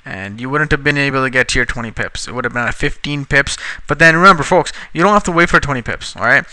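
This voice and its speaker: A man walks through a trading tutorial in a loose, chatty way, and his voice is very bright and crisp. The sound is close and dry, with no room around it. He gets short-tempered and curses now and then at his sluggish computer. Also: mid-range voice, no room sound. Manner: casual, frustrated, swears at slow computer. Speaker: trading instructor. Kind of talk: screen-recorded tutorial.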